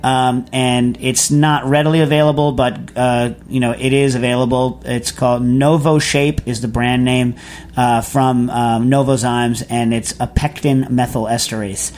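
A man's voice: medium pitch, little pitch movement, normal speed, a little mellow, a little hiss or hum. A man hosting a food radio show, answering a listener's question in a rambling, chatty way full of fillers and restarts. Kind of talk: casual call-in answering.

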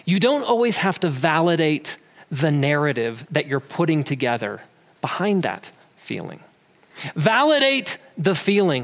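A man's voice: a little high, big pitch swings, unhurried. A man giving an earnest, conversational talk about emotions who sometimes repeats words as he goes. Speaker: speaker on emotions. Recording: long hall reverb.

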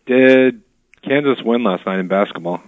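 A man's voice: mid-range voice, moderate pace. A man from the Midwest co-hosting a radio talk show remotely, chatting with dry, understated humor. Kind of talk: casual radio chat over a phone line. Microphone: remote phone line. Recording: tinny phone line.

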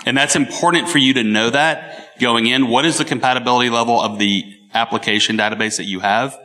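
A man's voice: mid-range voice, steady tone, brisk, bright, forceful tone. A man on a conference panel giving step-by-step advice. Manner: explanatory, advising. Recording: reverberant conference hall.

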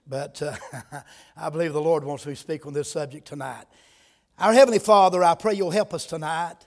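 A man preaching a sermon in a church. He opens with a quiet prayer, then preaches with rising, emphatic force. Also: fairly high pitch, steady tone, normal speed. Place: church sanctuary. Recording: long reverb of a church hall.

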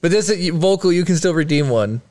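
Giggly, animated male co-host. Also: on the high side, fairly quick, heavy background noise. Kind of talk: casual chat.

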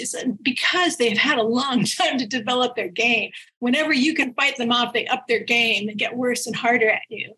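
Husky, animated woman storyteller. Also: on the high side, moderate pace, hardly any pauses, poor audio. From United States. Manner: animated, laughs often mid-sentence. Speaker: author guest. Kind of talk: casual interview storytelling.

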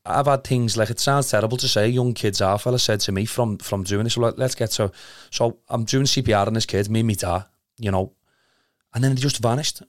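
A man's voice: lowish voice, brisk, dry recording, clean studio sound. A young man with a Liverpool accent telling an emotional story in casual chat, rambling, earnest and swearing a lot. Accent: Liverpool (Scouse). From Liverpool, England.

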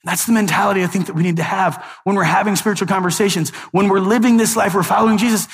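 High-voiced pastor preaching in an echoey hall. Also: male voice, quick pace, vocal fry, few pauses. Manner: lively, conversational, joking asides. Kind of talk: sermon.

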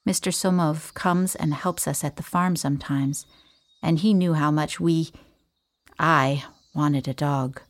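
A woman's voice: deep voice, fairly even intonation, unhurried. A woman voicing an eager, easily delighted young girl. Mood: explaining. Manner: bright, eager.

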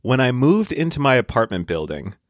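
A man co-hosting a comedy podcast, telling a story slowly and with overly precise detail. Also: medium pitch, big pitch swings, dry recording, studio quality. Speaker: podcast co-host. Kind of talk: casual comedy podcast chat.

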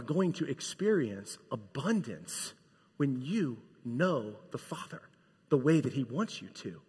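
A man preaching a sermon, emphatic and casual, swinging from loud bursts to hushed lines. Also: medium pitch, very animated, slow, slightly rough. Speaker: pastor. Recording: long hall reverb.

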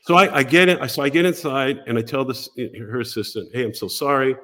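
With a medium-pitched voice and a brisk delivery, an older American guest on a podcast spins a casual, lively story. He acts out the voices of the people he's quoting.

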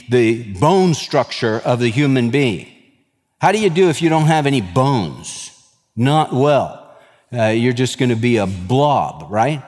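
Lively preaching man in a reverberant hall. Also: mid-range voice. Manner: lively preaching with folksy asides and scripture reading. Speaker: pastor. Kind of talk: sermon.

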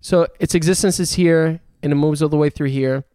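A man's voice: a little high, steady tone, brisk, warm tone, clean tone, no echo, clean studio sound. A young man telling a long story in casual chat, swearing often and laughing as he goes.

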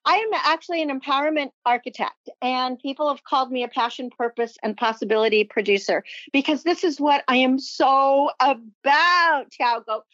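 A woman's voice: high voice, moderate pace, few pauses, a bit bright, no room sound. A woman guest on a podcast, talking from her home office in an effusive, upbeat, motivational way. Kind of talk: enthusiastic interview talk. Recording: dull, lo-fi sound.

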